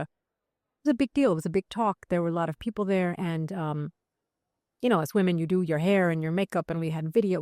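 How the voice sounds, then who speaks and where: A woman being interviewed, talking in an animated, conversational way with frequent restarts and fillers. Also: lowish voice, no echo, studio quality. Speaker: psychiatrist guest.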